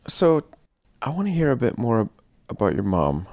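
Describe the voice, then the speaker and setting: A man hosting a podcast interview, asking questions in a halting, restarting way. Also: mid-range voice, huge pitch swings, a little mellow, no echo, clean studio sound. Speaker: podcast host.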